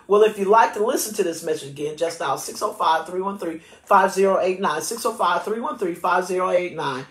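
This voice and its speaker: A woman's voice: fairly low pitch, a little fast, hardly any pauses, echoey room. A woman pastor, preaching and praying with emphatic delivery and frequent laughter. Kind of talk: sermon and prayer.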